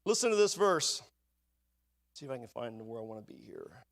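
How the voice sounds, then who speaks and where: A man's voice: mid-range voice, sing-song, normal speed, creaky. A man preaching a sermon in a church, asking the congregation rhetorical questions and reading scripture aloud. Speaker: pastor. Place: church sanctuary.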